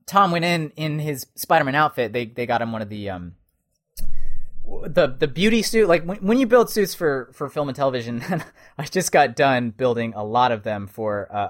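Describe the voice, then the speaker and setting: Male co-host, mid-pitch, easygoing chatter, rambling, lots of restarts. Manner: rambling, many restarts and fillers. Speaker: podcast co-host, Spider-Man performer and suit builder. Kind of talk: casual chat.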